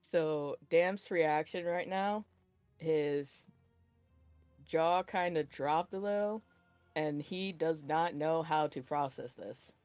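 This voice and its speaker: A man playing in a tabletop game, speaking slowly and hesitantly in character. His voice sits a bit high, with faint music behind. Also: a little mellow, smooth, no room sound. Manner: hesitant, stumbling. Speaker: player.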